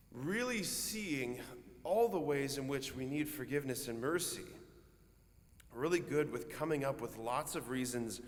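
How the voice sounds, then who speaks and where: A man's voice: mid-range voice, in a large hall. A man, a Catholic priest, giving a homily in an earnest, conversational way, often dropping casual asides into his preaching.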